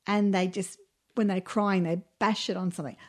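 A woman's voice: medium pitch, fairly even intonation, normal speed. Candid, heartfelt woman podcast host. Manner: candid and heartfelt, with frequent ums and restarts. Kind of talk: casual podcast chat.

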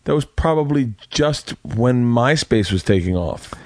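A man's voice: mid-range voice, animated, unhurried, a little mellow, no room sound. A man hosting a podcast, mostly chiming in with short replies in casual chat. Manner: brief encouraging interjections. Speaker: podcast host. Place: home studio man cave. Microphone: podcast mic.

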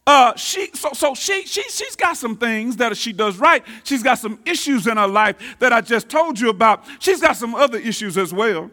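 Man, pastor preaching, very high voice, bright and sharp tone. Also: expressive, moderate pace, hardly any pauses. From Texas, United States. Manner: emphatic preacher, swinging from booming to hushed, repeats key phrases. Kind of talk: sermon.

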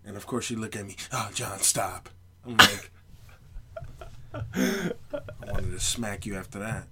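A young man trading banter as a guest, swearing freely with quick comebacks. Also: fairly low pitch, fairly even intonation, background noise. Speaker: guest, host's brother. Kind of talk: casual banter.

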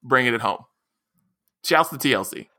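A man co-hosting a podcast in loose, casual chat. His voice is bright and forward, and he gets excitable fast, acting out what other people say. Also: mid-range voice. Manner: animated, excitable, laughs often, acts out quotes loudly. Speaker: podcast co-host.

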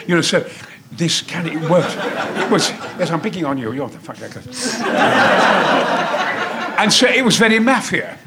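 A man in his seventies telling a stage anecdote as a guest, booming and theatrical and swearing freely. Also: animated, moderate pace, long pauses, a crowd in the background.

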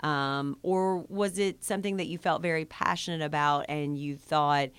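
A woman hosting an interview, asking measured, attentive questions. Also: sits low, steady tone, clear, resonant tone, no room sound. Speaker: interviewer host.

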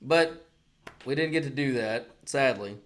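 A man, co-hosting a casual podcast chat, animated and profane, acting out other people's lines as he tells a story. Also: medium pitch, measured pace. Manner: animated storyteller, heavy swearing, acts out quotes. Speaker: podcast co-host.

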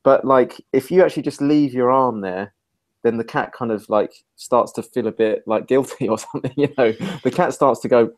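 A man's voice: medium pitch, moderate pace. A man hosting a casual podcast conversation, telling a rambling anecdote and laughing easily. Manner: rambling, laughs easily, many listening hums.

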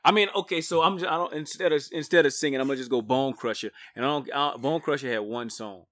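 A man's voice: medium pitch, fast talker, a bit bright, no room sound. Man, casual chat, hesitant, lots of fillers, dry sound. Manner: hesitant storyteller, many fillers.

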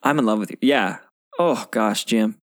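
A man's voice: on the low side, normal speed, fairly bright tone, no echo, studio quality. A man co-hosting a casual movie podcast, rambling and hesitant as he searches for his thoughts. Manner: hesitant, rambling, lots of fillers. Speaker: podcast co-host.

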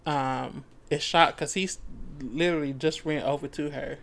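A man's voice: on the high side, steady tone, moderate pace, gravelly, a bit bright. A man co-hosting a book club podcast, recapping a novel in loose, profane casual chat and acting out the characters' lines, laughing easily.

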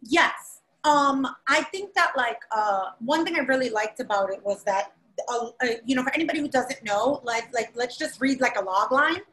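A woman's voice: on the high side, normal speed, echoey room, low-quality recording. A woman co-hosting a podcast in casual chat, chatty and rambling. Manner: chatty, rambling with fillers, animated. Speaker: podcast co-host.

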